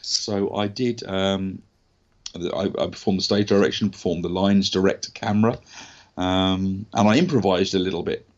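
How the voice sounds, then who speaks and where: An English actor telling a candid, animated story from his career in a casual interview, swearing now and then. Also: sits low, normal speed, dull audio. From England. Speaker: actor guest.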